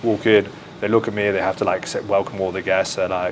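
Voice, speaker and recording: An Englishman with an English accent, telling a story in casual talk on a live podcast, lively and full of "like" fillers, acting out what people said. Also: low voice, fairly quick, a little hiss or hum. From England. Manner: animated, acts out quoted speech, full of "like" fillers. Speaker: podcast guest.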